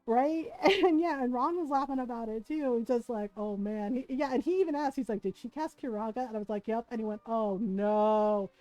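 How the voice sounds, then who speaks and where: This is a middle-aged woman with a fairly high but mellow voice, talking live to her stream at a desk mic. She tells a story in a loose, chatty way, laughs often and checks in with "right?" again and again. Soft music plays faintly behind her. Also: quick pace, few pauses, no echo, low-quality recording. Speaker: livestreamer. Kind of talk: casual storytelling chat.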